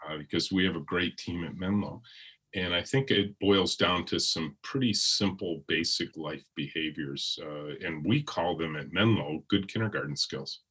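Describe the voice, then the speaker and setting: A middle-aged man, hoarse today, speaking as an interview guest in a reflective, rambling way with many restarts and fillers. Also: sits low, normal speed, fairly bright tone.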